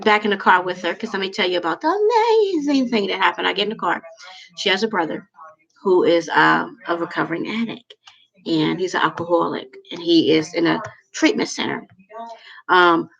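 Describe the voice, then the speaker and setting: A woman's voice: lowish voice, lively intonation, moderate pace, gravelly, a bit bright, muffled recording. A woman in her forties telling a personal story to camera in a chatty, rambling, emotional way with lots of fillers. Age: 40s. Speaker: vlogger.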